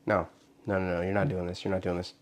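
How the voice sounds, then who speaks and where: A man's voice: sits low, level tone, fast talker. A man co-hosting a casual podcast, teasing his partner with dry banter. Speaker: podcast co-host. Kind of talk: casual chat.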